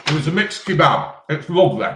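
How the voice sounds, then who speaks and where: A man's voice: a little high, very animated, brisk, fairly bright tone, a little hiss or hum. A man chatting casually on a live stream, eating and answering chat questions in a rambling way full of ums. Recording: roomy echo.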